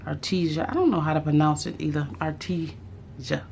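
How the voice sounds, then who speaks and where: A woman chatting casually about art supplies on her craft vlog, thinking aloud with pauses and restarts. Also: sits low, very animated, gravelly, a little mellow, slight background noise. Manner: musing aloud, with fillers and restarts. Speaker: craft vlogger. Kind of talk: casual unboxing chat.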